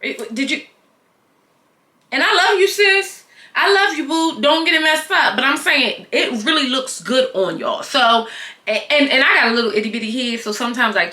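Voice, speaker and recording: A grown woman vlogger reviewing a wig in casual, slangy chat, playful and animated as she talks straight to her viewers. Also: fairly high pitch. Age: adult, not young. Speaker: beauty vlogger reviewing wigs. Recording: echoey room.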